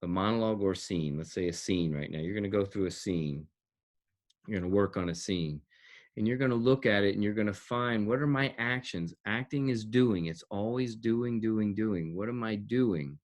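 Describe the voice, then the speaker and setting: A man's voice: on the low side, normal speed. A man who coaches actors and directs, explaining his teaching in an interview with emphasis, repeating key words and laughing between points.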